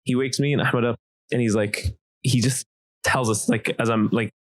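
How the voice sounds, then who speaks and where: A man co-hosting a podcast, telling a childhood story in a casual, animated way with lots of fillers. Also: mid-range voice, moderate pace, no room sound. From Dubai. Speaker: podcast co-host.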